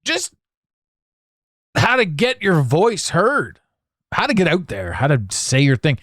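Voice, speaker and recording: A man hosting a solo podcast monologue, animated and theatrical, swearing now and then. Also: on the high side, slow, dry recording, clean studio sound. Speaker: podcast host.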